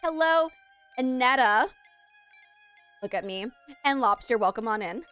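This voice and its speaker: A woman live-streaming a cozy game, talking excitedly to her chat and game animals over a headset. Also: medium pitch, brisk, faint music behind. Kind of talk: casual live-stream chat while gaming.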